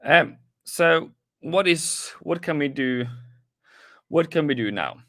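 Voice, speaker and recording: A man's voice: fairly high pitch, animated, slow, bright, forceful tone, dry recording, studio quality. A man hosting a live trading stream, rambling casually through the markets with restarts and asides to his viewers, a little out of breath. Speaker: trading livestream host.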